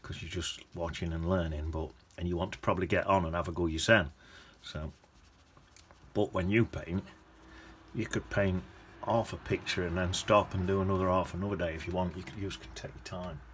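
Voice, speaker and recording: A man's voice: low-pitched, fairly even intonation, moderate pace, a little hiss or hum. A man teaching watercolour painting in a chatty, rambling way, humming to himself as he paints. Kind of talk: casual painting demonstration.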